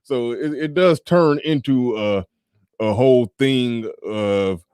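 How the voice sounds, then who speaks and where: A man's voice: medium pitch, slow pace, a little mellow, clean tone, no room sound. Blunt, laughing male stream host, dry sound. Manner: blunt, profane, laughing, sarcastic asides. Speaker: livestream show host. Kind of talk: casual commentary with viewer super chats.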